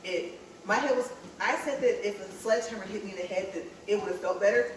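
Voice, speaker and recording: A woman's voice: medium pitch, quick pace. A chatty woman from California tells a story to her viewers while walking on a treadmill, laughing often. Her voice rings around a very echoey room. The mic sits some distance away, with a faint hum of background noise. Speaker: vlogger.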